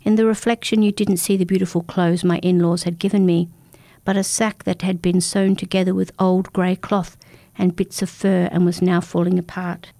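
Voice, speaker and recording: Calm, mellow woman storyteller. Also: on the low side, normal speed, vocal fry, no room sound. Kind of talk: first-person story narration.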